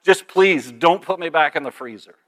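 A man voicing a frightened, shivering male parrot that pleads in quick repeats. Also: a little high, a bit bright, voice pushed up, natural voice. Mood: pleading.

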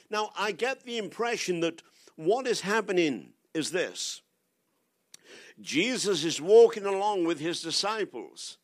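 An older man delivering a sermon at an unhurried, deliberate pace. His voice sits high for a man, and he keeps putting pointed rhetorical questions to the congregation. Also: fairly bright tone. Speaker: guest preacher.

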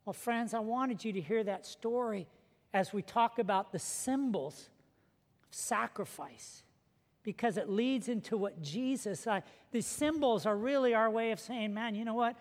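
A man's voice: high-pitched, unhurried. A man preaching a sermon as pastor, telling a story and acting out the people in it. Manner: storytelling, acting out quoted voices. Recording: long reverb of a large hall.

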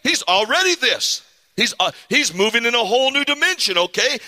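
A man preaching to his congregation, his voice high and very bright. He is animated and keeps calling out for amens. The sound rings with a long hall echo. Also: brisk. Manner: animated, calls on the congregation to respond. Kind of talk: sermon. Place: church sanctuary.

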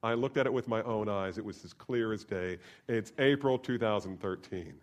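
A man's voice: fairly low pitch, moderate pace. Storytelling male pastor preaching a sermon. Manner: storytelling, swings from soft asides to loud emphatic preaching.

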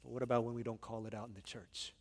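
Animated male preacher in a big hall. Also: mid-range voice, quick pace. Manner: animated storytelling, conversational. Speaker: pastor. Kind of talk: sermon. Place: church sanctuary.

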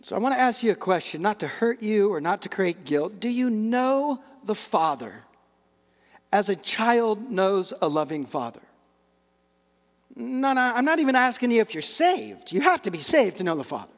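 A middle-aged man with a high, light voice preaches a sermon in a loose, chatty way, doubling back on his words and throwing in asides. His voice trails off into the long reverb of a large church hall. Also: normal speed. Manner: conversational, animated preaching with asides and repeated words. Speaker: pastor.

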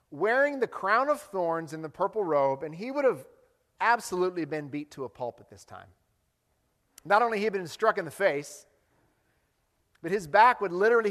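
A man preaching a sermon, explaining scripture with animated delivery and acted-out quotes. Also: high voice, long reverb tail. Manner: animated, acts out quoted lines. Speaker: pastor.

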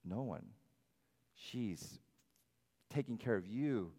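A man preaching a sermon as pastor, animated and shifting his loudness, often acting out the voices of others. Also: on the low side, slow pace, long reverb tail. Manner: animated, varies loudness, acts out quoted voices. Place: church sanctuary.

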